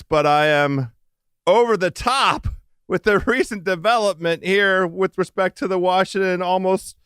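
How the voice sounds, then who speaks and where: A man's voice: a little high, smooth, no room sound, clean studio sound. A man bantering as a regular podcast guest, slightly buzzed, playful and wordy with stammered starts.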